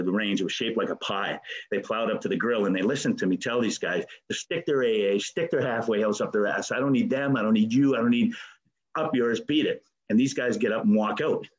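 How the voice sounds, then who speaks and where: On a low-quality recording, a man with a fairly low voice shares his recovery story at a meeting, earnest and emotional. He stammers a lot, restarts sentences, and swears casually.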